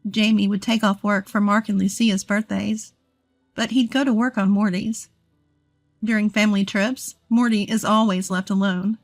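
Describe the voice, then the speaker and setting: A woman in her thirties telling a first-person story in a steady, earnest scripted narration. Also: medium pitch, normal speed, dry recording, studio quality, faint music behind. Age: 30s.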